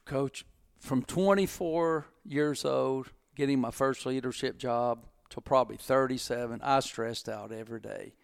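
A man's voice: measured pace, vocal fry, clean tone, no room sound, studio quality. A middle-aged man, a business owner, telling stories in a casual podcast chat and acting out the voices in them. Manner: animated storyteller, acts out quotes, jumps in pitch.

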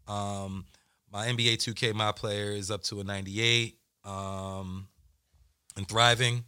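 A man's voice: fairly low pitch, little pitch movement, a little slow, sharp tone, clear, resonant tone. A man co-hosting a podcast, chatting casually in loose slang with lots of laughter. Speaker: podcast co-host. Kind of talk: casual chat.

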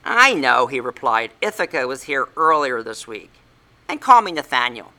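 A man's voice: medium pitch, very animated, moderate pace, very noisy. A man playing a smug teen prodigy. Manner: haughty, slyly evasive. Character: snobbish teenage boy prodigy, smug and aloof.

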